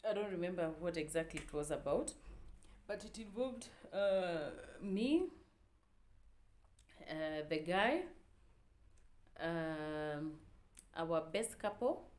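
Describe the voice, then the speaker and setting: A woman's voice: on the low side, expressive, takes it slowly, pauses often, darkish tone. A young Kenyan woman telling a personal story to her viewers, candid and emotional, with frequent fillers. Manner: candid, code-switching, emotional. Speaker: vlogger. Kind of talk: casual storytelling to camera.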